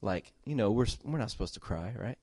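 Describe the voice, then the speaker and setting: A middle-aged man preaching a sermon as a pastor, earnest and emphatic, repeating phrases and moving between loud exhortation and soft, tender talk. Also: lowish voice, expressive, fairly quick, breathy edge, no room sound, studio quality.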